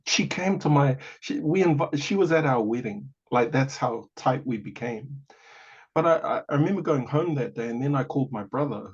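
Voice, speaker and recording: A man, a podcast guest telling a personal story in a lively way, full of "you know" asides. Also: medium pitch, vocal fry, husky. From New Zealand. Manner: animated, acts out quoted voices, many "you know" asides. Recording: dull lo-fi audio.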